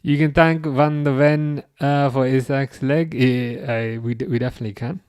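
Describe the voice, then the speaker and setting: A man's voice: medium pitch, steady tone, moderate pace, a little mellow, clean tone, no room sound, clean studio sound. A man hosting a football watch-along live stream, chatting loosely and answering viewer comments as he goes. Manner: loose and rambling, with frequent restarts. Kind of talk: casual live-stream chat.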